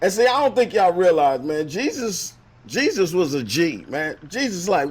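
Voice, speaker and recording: A man hosting a show, retelling a Bible story as casual comedy with slang, acting out the characters in lively voices. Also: on the high side, moderate pace, few pauses, slightly rough. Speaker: host.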